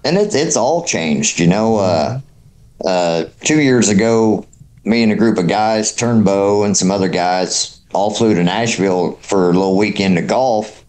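A man's voice: fairly low pitch, a little slow, a little mellow, poor audio. A man, a podcast host chatting casually and telling loose stories with plenty of fillers. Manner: easygoing, loose anecdotes with fillers. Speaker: podcast host, former bull rider. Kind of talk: casual chat.

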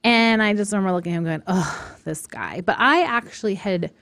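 Woman host, thirties, casual storyteller, mid pitch, dry close sound. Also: quick pace, no echo. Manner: storytelling, animated quoting of others. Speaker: live show host. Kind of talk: casual talk show chat.

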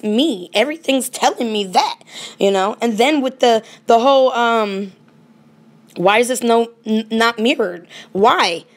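A woman paranormal vlogger ranting casually and indignantly straight to her viewers. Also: fairly high pitch. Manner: animated, indignant, talks to viewers directly. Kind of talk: casual direct-to-camera rant.

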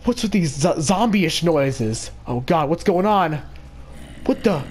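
A man's voice: fairly high pitch, animated, measured pace, a little hiss or hum. A man voicing a goofy, easygoing male cartoon dog in a Minecraft role-play, hesitant and stammering. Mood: panicked. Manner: hesitant, stammering, easily confused.

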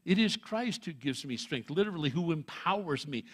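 A man preaching a church sermon in a voice pitched a little high. He delivers it emphatically, with short punchy lines and bits of wry humor. He chuckles at his own jokes as he goes. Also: expressive, fairly quick, husky. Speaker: pastor. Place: church sanctuary.

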